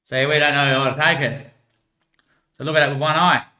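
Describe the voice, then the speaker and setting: A man's voice: on the high side, steady tone, a little fast, bright, forceful tone. A man with an Australian accent who rambles casually and laughs often as he jokes along. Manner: laughs often, loose and joking. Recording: echoey room.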